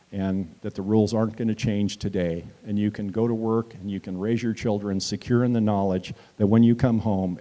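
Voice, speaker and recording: Male town hall speaker, low mellow voice, storytelling that swells into loud emphatic lines. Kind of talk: political stump speech. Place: community meeting hall.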